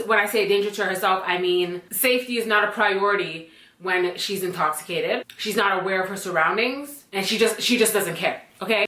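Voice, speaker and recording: A woman telling a personal story to camera in a casual, blunt, animated way, swearing freely. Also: mid-range voice, echoey room. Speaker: storytime vlogger.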